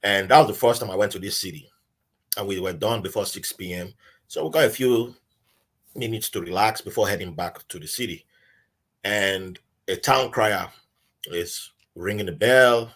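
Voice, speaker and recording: Here the Nigerian-accented podcast guest talks in a lowish voice at normal speed. It's a casual conversation in which he narrates a story with gusto, mimicking the voices of the people he quotes.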